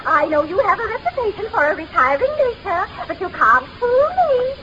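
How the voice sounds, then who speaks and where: An actress playing a fluttery, gushing high-society woman in an old radio comedy. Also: very animated, moderate pace. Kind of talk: 1930s radio comedy acting. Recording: dull old radio recording with noise.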